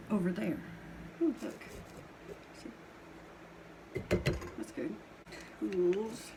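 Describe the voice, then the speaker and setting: A woman's voice: mid-range voice, drawn-out words, long pauses, background noise. A middle-aged woman from Colorado with a Southern twang and a sniffly nose, chatting casually in her home pottery studio while she works, rambling and laughing often. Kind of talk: casual chat while working.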